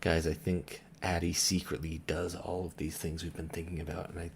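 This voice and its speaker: A young man with a deep, low-pitched voice chats casually as a podcast co-host. He is goofy and keeps cracking himself up. A faint hiss of room noise sits under the recording. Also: little pitch movement, moderate pace, vocal fry. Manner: goofy, laughs at his own jokes. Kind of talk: casual chat.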